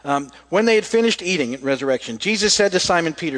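A man preaching a casual sermon, retelling scripture as a story and reading passages aloud, often dropping softer for quoted lines. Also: a little high, very animated, fast talker, few pauses. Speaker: pastor.

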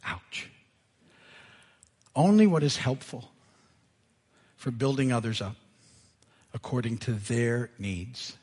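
Male pastor, lively pitch, somewhat husky; chatty, self-amused sermon delivery. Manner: conversational, animated, laughs at himself. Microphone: live sermon mic. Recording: church service audio.

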